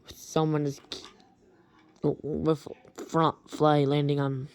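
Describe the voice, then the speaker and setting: Halting, slow-talking woman storyteller. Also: deep voice, flat delivery, a little mellow, clean tone. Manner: hesitant, halting, many restarts. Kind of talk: rambling horror story retelling.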